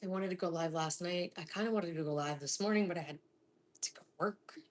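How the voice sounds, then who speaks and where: A middle-aged woman from Florida hosts a live cooking stream from her home kitchen, her voice sitting on the lower side. She chats loosely and laughs often, now and then sinking into a soft half-whisper. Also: fast talker. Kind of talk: casual chat while cooking.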